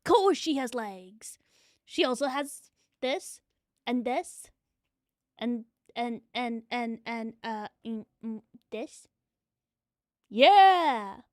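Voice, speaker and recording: Excitable New Zealand woman streamer, high bright voice, slightly breathless, dry mic. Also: slow, no room sound. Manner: excitable, chatty, swears freely. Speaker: VTuber streamer. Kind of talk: live stream chat.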